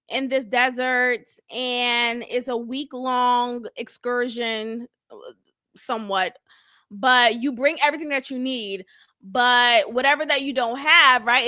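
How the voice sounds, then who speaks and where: A woman's voice: high voice, no room sound, clean studio sound. A woman hosting a reality TV review, giving casual commentary with lots of jokes, laughter and swearing. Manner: animated and joking, laughs and swears freely. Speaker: host of a reality TV review channel.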